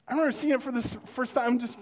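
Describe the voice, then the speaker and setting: High-voiced male pastor preaching. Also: fairly even intonation, very fast. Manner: conversational storytelling with hushed exclamations. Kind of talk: sermon.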